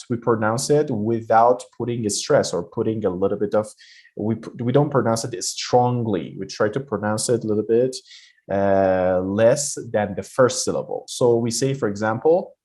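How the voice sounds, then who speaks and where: A man's voice: on the low side, moderate pace, a little mellow. A man teaching an online pronunciation lesson, explaining points and repeating example words.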